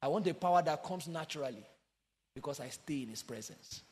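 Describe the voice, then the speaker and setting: A man preaching a sermon with passion, swinging from sung, shouted emphasis down to quiet low asides. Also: animated, brisk. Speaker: pastor. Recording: long hall reverb.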